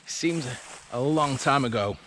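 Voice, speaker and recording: A man with a mid-range voice talks at normal speed while he walks an old railway line outdoors for his vlog. His chat is casual, with restarts as he thinks aloud. Faint sounds from outside can be heard behind this walking commentary.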